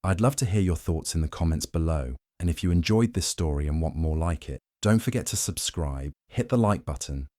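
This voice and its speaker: A man reading a scripted first-person story in an even, measured way. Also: deep voice, no echo, clean studio sound. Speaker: story narrator.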